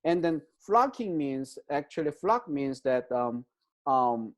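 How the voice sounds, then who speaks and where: A man's voice: a little high, big pitch swings, slow pace. A man explaining trauma as an interview guest, in non-native English phrasing, with many fillers and frequent "right?" check-ins.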